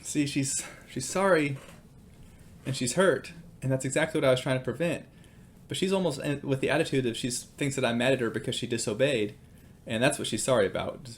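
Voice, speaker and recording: A man in his thirties gives a relaxed devotional talk at a middle pitch, sharing family stories in a chatty, filler-laced way. Faint noise hums in the background. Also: brisk. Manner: conversational, with fillers and storytelling. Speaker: Christian speaker.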